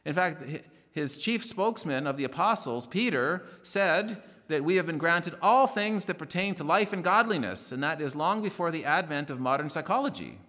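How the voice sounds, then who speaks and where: A male pastor delivering a sermon in an earnest, emphatic way, slowing down to read scripture verses. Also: on the high side, expressive, bright, forceful tone, big-room sound. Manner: earnest preaching, rising emphatic stresses, slows to read verses. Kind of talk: radio sermon.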